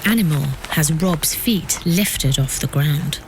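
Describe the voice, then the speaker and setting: A woman narrating a documentary podcast from a script, with a measured delivery that builds suspense. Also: low voice, a little hiss or hum.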